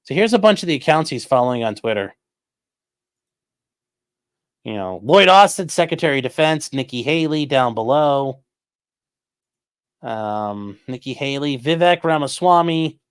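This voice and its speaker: A man's voice: medium pitch, animated, moderate pace, clear, resonant tone, no room sound, clean studio sound. Sarcastic, rambling male streamer. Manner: sarcastic, rambling, swears casually. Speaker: livestream host reading viewer donations. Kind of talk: casual livestream commentary.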